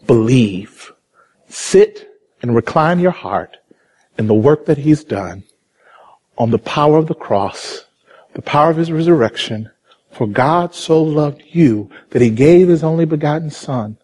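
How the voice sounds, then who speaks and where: A man preaching a sermon in a California church, passionate and repetitive, swinging between rapid bursts and slow, drawn-out phrases. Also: fairly high pitch, lively intonation, a little mellow, husky. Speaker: pastor.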